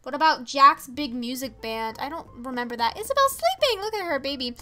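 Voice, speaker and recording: A woman's voice: high-pitched, lively intonation, brisk, bright, forceful tone. A teenage girl streaming a life-sim game, chatting casually with viewers and reacting to the villagers. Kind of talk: casual live-stream chat while gaming.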